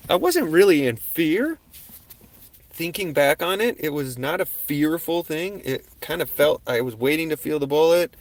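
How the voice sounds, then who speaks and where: A man's voice: fairly high pitch, normal speed, dry recording. A man hosting a livestream, telling a personal story in a casual, profane way and acting out the exchanges in it. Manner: profane, animated, acts out quoted exchanges loudly. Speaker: livestream host.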